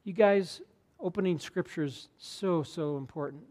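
A man preaching a sermon as pastor, earnest and conversational, sometimes dropping to a hushed tone for emphasis. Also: on the high side, a little slow.

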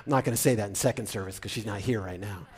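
A middle-aged man, a pastor preaching a sermon, talking with animated swings from loud excitement down to hushed, choked-up moments. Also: on the low side, fast.

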